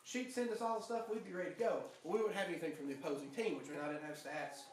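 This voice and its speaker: Young guy preaching, kinda high voice, chatty storytelling, lots of restarts, big echoey church, mic far off. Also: fast talker, a little hiss or hum. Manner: earnest storytelling, conversational, with frequent restarts. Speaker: pastor. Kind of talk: sermon with personal story. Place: church sanctuary.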